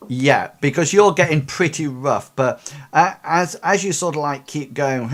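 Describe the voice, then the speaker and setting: A man's voice: medium pitch, a little slow. A man narrating as game master of a tabletop game, hesitant, full of fillers and restarts.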